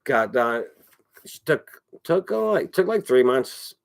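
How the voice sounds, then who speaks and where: A man's voice: medium pitch, big pitch swings, takes it slowly, creaky. A man chatting casually on his own, rambling, swearing often and repeating himself. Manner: rambling, profane, repeats phrases. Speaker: streamer.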